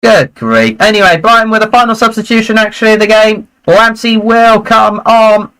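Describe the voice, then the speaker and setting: A man hosting a live football watchalong, chatting and reacting excitedly to the play. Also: sits high, moderate pace, clear, resonant tone, low-quality recording. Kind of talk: live match commentary and chat.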